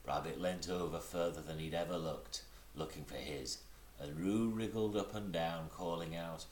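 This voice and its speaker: A man reading a children's storybook aloud in an animated way, now and then slipping and correcting himself. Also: sits low, normal speed, a little hiss or hum. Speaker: reader. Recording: roomy echo.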